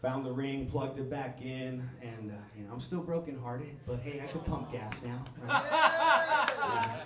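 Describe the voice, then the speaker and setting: A stand-up comedian works a comedy club, swearing, laughing, and wandering through his material while addressing the audience. His medium-pitched voice is steady and at normal speed, recorded at a distance in an echoey room.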